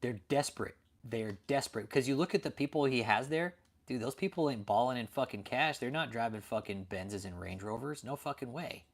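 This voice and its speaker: A man's voice: mid-range voice, lively intonation, brisk, creaky. Profane ranting man hosting a livestream. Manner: profane, ranting, answers chat. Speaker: livestream host.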